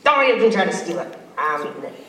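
Man voicing a giant woman, cartoon, bossy, loud, echoey room. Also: fairly high pitch, big pitch swings, fast, recorded from a distance, a crowd in the background, pitched above the performer's own voice. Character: giant lady, gruff and greedy.

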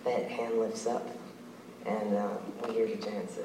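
A man excitedly narrating a cartoon story, with sound effects and laughs. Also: fairly low pitch, measured pace, reverberant, recorded from a distance, background noise. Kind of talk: animated storytelling of a cartoon pitch.

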